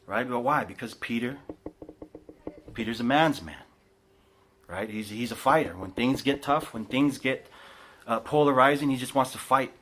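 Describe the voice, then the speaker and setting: A man preaching a conversational sermon in a house church, casual and animated, often checking in with his listeners. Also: mid-range voice, normal speed, pauses often, a little hiss or hum. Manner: casual, animated, tags lines with "right?", many restarts. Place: house church living room.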